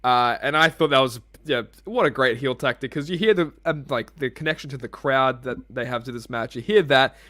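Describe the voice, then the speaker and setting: A man's voice: mid-range voice, brisk, few pauses, bright, forceful tone. A man co-hosting a casual podcast, rambling and swearing freely as he laughs at himself. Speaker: podcast co-host. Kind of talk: casual chat.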